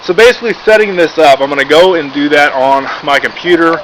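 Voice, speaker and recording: A man's voice: a little high, brisk. A man from Texas giving a casual, rambling product review, full of "uh" and "basically", with lots of restarts. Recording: background noise.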